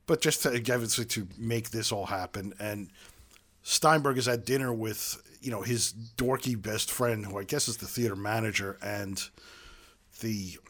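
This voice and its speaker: A man's voice: fairly low pitch, fairly bright tone. A man co-hosting a casual film podcast, telling the plot in a loose, rambling way full of fillers. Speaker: podcast co-host. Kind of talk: casual film-review chat.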